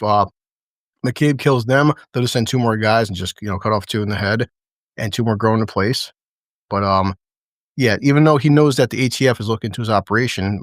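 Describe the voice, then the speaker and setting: A man's voice: mid-range voice, no echo, clean studio sound. A man co-hosting a casual, crude podcast recap of a TV episode, rambling and laughing often as he paraphrases scenes. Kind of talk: casual chat with crude humor.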